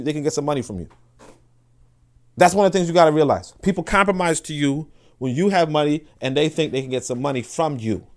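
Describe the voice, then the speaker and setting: A man hosting a podcast, talking in an animated, casual way with frequent restarts and asides to listeners. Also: a little high. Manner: laughs and asks listeners for agreement. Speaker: podcast host. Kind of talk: casual monologue.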